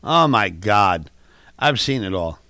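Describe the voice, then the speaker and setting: A man's voice: fairly low pitch, big pitch swings, takes it slowly, vocal fry, bright, forceful tone, no room sound. A man co-hosting a live stream, chatting casually and teasing. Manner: joking, teasing, does mock impressions. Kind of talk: casual chat.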